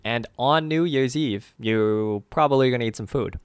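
A man with a mid-pitched voice co-hosts a scripted language lesson, recorded dry with no room sound. He slows down to name each syllable and its tone. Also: clear, resonant tone, no room sound.

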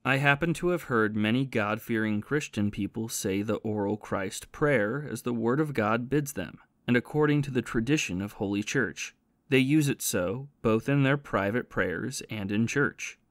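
A man reading the part of a learned male scholar in an audiobook, earnest and measured as he teaches about prayer. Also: medium pitch, dry recording, studio quality, lightly acted. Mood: earnest, instructive. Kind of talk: audiobook reading of a spiritual classic.

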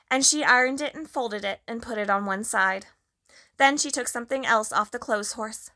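A woman narrating a children's storybook in a gentle, measured way. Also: a little high. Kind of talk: storybook reading.

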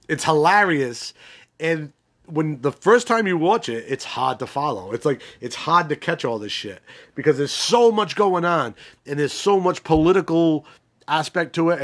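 A man's voice: on the high side, a bit bright. A man hosting a podcast, recapping a crime series in a rambling, profane, casual way with many restarts and fillers. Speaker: podcast host.

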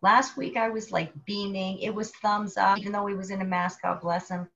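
A woman co-hosting a casual faith chat, telling stories with lively asides and acting out the people she quotes. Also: mid-range voice, normal speed, vocal fry. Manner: animated storyteller, acts out quoted people. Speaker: podcast co-host. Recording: dull lo-fi sound.

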